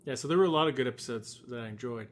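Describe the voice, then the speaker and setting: A co-host in a casual fan discussion who gives opinions in a measured, relaxed way. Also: mid-range voice. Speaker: podcast co-host.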